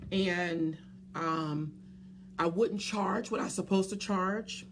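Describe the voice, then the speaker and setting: A woman's voice: lowish voice, takes it slowly, a little hiss or hum. A woman business coach in a live stream, speaking earnestly from the heart to viewers, often stopping to greet them by name, with many ums and restarts.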